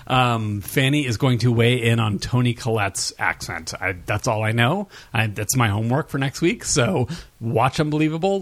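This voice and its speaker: A man co-hosts a pop culture podcast and talks in a relaxed, playful way. His voice sits at a middle pitch, and he sounds easygoing. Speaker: podcast co-host. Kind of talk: casual pop culture chat.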